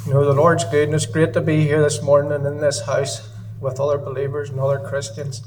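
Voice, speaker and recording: A man's voice: a little high, monotone, a little fast, a little mellow, distant mic, a little hiss or hum, rough recording. A man giving an earnest, emotional sermon in a church service, often repeating his phrases. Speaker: lay preacher.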